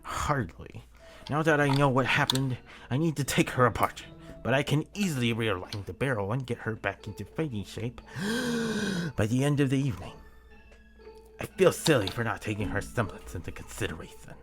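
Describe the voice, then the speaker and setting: A man's voice: mid-range voice, big pitch swings, normal speed, over music, lightly acted. A man reading the lines of a young female huntress who repairs her own weapon, in his own plain voice. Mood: matter-of-fact.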